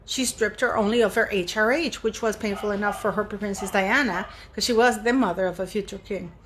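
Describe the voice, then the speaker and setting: A woman's voice: medium pitch, fairly even intonation, a little fast, fairly bright tone, a little hiss or hum. A woman hosting her own channel, talking to viewers in a casual commentary monologue. She is emphatic, stresses her words and repeats her points. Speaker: YouTube channel host.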